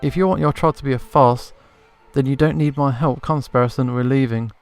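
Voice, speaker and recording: A man's voice: medium pitch, fairly even intonation, fairly quick, faint music behind, natural voice. Man voicing a brash falcon lawyer. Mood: firm. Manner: bluffing, stern legalese. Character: confident falcon lawyer, male, brash and commanding. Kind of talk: reading game dialogue aloud.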